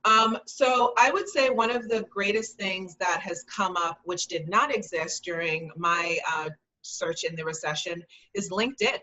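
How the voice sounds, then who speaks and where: Brief: woman in her thirties, slightly low voice, bright tone, encouraging career advice. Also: lively intonation, measured pace, rough recording. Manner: earnest, encouraging, with frequent "um". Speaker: guest speaker, career advice. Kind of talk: conversational advice.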